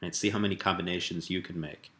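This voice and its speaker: A man giving a relaxed spoken language lesson, explaining step by step with fillers and rephrasing. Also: low voice, fast, background noise. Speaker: language teacher.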